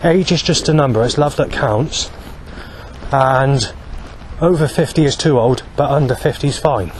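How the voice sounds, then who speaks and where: A man's voice: mid-range voice, normal speed, low-quality recording. A man in his forties talking outdoors beside a road, in an agitated, aggrieved monologue that keeps circling back and restarting. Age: 40s. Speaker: vlogger. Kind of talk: rambling outdoor monologue to camera. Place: outdoors by a road under a bridge. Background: passing traffic.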